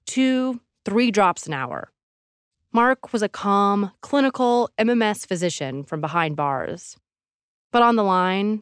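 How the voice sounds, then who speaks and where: A woman hosting an investigative podcast, narrating in a measured, serious way. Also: lowish voice, clean tone, no echo, studio quality. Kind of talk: scripted narration.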